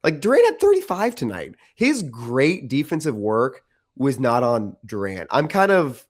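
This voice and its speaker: A man's voice: mid-range voice, wildly swooping pitch, measured pace. Male sports podcast co-host, medium voice, casual chat, strong opinions, restarts mid-sentence. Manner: opinionated, restarts often, many likes.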